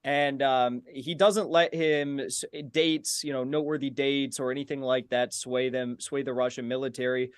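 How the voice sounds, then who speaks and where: A man's voice: mid-range voice, flat delivery, normal speed, hardly any pauses, clean tone, no room sound, clean studio sound. A young man in a heated online debate, giving long answers in a taunting, argumentative way. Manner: taunting, repeating a jab.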